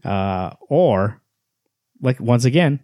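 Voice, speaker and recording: A man co-hosting a casual podcast, talking in an animated way, swearing and acting out quotes. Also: medium pitch, slow, no room sound, studio quality. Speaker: podcast co-host. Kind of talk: casual comic book chat.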